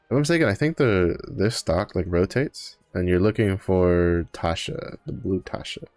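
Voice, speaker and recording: A male game streamer talks through his play in a low, loose ramble, full of "uh" and restarts. His voice is dry and close to the mic, with quiet music running underneath. He sounds a little tired and unhurried. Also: dry recording. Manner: rambling, many fillers and self-corrections; yawning, tired. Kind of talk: casual live-stream commentary.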